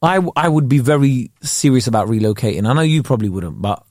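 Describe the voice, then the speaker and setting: A man's voice: mid-range voice, expressive, quick pace, a little mellow, dry recording. A man, a comedian hosting a podcast, ranting in casual slangy chat.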